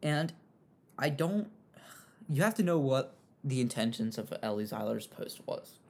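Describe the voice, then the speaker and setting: Young man, casual commentary, rambling, filler-heavy, animated asides, average pitch. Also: a little slow, gravelly. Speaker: commentary host.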